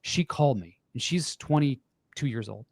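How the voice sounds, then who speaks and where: A man's voice: medium pitch, expressive, moderate pace, slightly rough, no room sound. A man in his forties, a podcast guest in casual chat, talking earnestly and emphatically and repeating himself.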